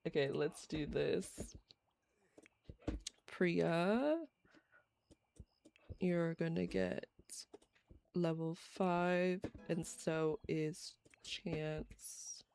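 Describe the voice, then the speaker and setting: A woman's voice: low-pitched, very slow, gravelly, pauses often, a little mellow, a little hiss or hum. A woman streamer giving casual, giggly commentary on a life-simulation game while she plays live. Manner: chatty, giggly, reacts to gameplay. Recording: faint game music behind.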